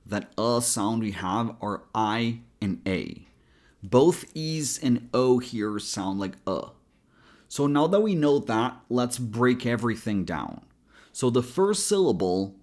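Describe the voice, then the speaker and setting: An American man coaching pronunciation, taking each word apart syllable by syllable. He talks slowly and with a lively, rising and falling pitch, spelling out sounds carefully for learners. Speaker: accent coach. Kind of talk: pronunciation lesson.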